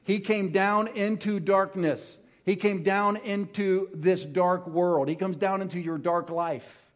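High-voiced man preaching a sermon. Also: fairly even intonation, slow pace. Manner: storytelling, emphatic, swings from hushed to loud; engages audience with call-and-response.

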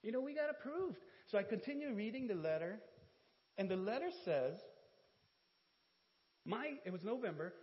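A man giving an animated sermon testimony in church, telling stories with laughs and self-deprecating asides. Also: sits high, moderate pace. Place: church hall. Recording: dull church hall audio with reverb.

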